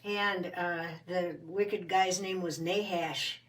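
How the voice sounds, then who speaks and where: A woman casually telling a Bible story in a homey, rambling way, with fillers and quick self-corrections. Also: fairly low pitch, steady tone, fairly bright tone, recorded from a distance, low-quality recording.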